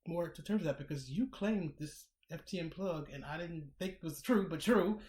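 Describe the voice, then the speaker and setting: A podcast co-host, a man with a somewhat high, darkish voice, chats casually at a moderate pace. He's reflective, weighing each point and often repeating a word while he thinks before moving on. A roomy echo surrounds his voice.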